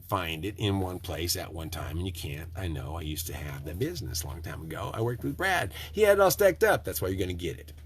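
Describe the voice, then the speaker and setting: Husky nasal man with a Michigan accent. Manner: emphatic and preachy, swinging from loud outbursts to low, hushed asides. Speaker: tiny house builder. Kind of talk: ranting monologue to viewers.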